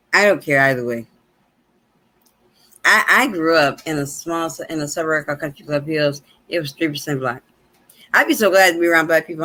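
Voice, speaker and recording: Woman minister, casual live-show host at home, tense bright tone, animated storyteller. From Chicago, USA. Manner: animated storyteller with big pitch swings, laughs often.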